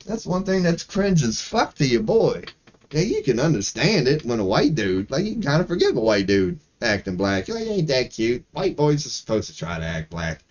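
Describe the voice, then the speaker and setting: Animated, profane man ranting on stream. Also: medium pitch, normal speed, highs cut off. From Maryland, US. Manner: profane, animated, laughing asides. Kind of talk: casual livestream rant.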